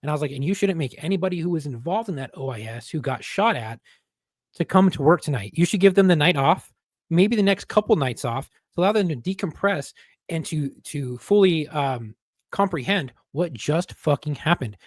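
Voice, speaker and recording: A man's voice: fairly high pitch, animated, normal speed, no room sound. Blunt, profane man on a dry close mic. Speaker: podcast co-host, former police officer. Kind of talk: casual podcast conversation.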